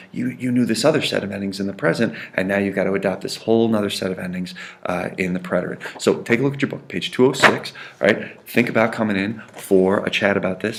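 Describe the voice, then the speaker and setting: A man with a low, gravelly voice teaches a grammar lesson. He keeps checking in with his students and leans hard on the sounds he wants them to hear. The tone is patient and repetitive. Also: a bit bright. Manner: checks in constantly with "right?" and "okay?"; stresses and repeats key sounds. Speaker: Spanish teacher.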